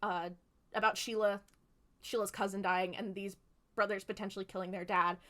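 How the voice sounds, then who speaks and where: A woman's voice: mid-range voice, flat delivery, normal speed, a bit bright. A woman co-hosting a podcast, casually retelling a story with lots of fillers and the odd swear. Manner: chatty retelling, many fillers, swears freely. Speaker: podcast co-host recapping episodes. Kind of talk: casual chat.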